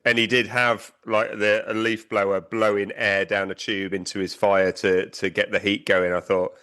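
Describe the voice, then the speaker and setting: A man's voice: lowish voice, little pitch movement, normal speed, fairly bright tone, clean tone. A man co-hosting a casual podcast, chatty and laughing often. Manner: chatty, laughs often, talks while eating. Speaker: podcast co-host. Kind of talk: casual chat.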